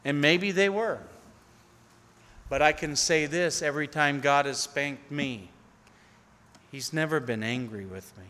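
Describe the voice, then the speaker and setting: A man preaching a sermon as pastor, earnestly, rising to pleading appeals and falling to near-hushed tones. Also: fairly high pitch, measured pace, pauses often. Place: church sanctuary. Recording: long hall reverb.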